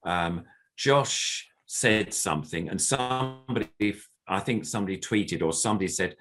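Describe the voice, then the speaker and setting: An older man, a puppeteer appearing as a guest, tells a casual anecdote with music playing underneath. His deep voice is expressive at a moderate pace as he rambles with plenty of fillers and acts out other people's lines.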